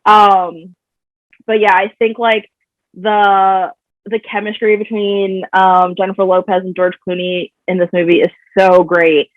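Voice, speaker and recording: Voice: medium pitch, flat delivery, a little slow, no room sound. Chatty guest on slightly dull audio. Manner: chatty, laughs often, many fillers. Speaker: podcast guest. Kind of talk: casual film chat.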